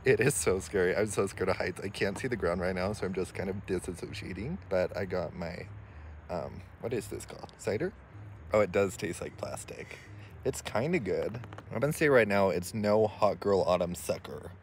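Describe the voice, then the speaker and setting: A chatty, giggly young man talks straight into his phone. His fairly low voice swings widely in pitch as he jumps from nervous chatter to laughter. The recording is a noisy outdoor phone capture. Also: expressive, normal speed. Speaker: vlogger. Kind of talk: casual vlog. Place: outdoors on a ski lift at night. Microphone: handheld phone.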